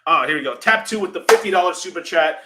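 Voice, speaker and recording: Bright-voiced young man on livestream. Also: high-pitched, lively intonation, fast. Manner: loose, rambling, swears freely, repeats words. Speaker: crypto livestream host. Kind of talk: casual livestream chat reading super chats.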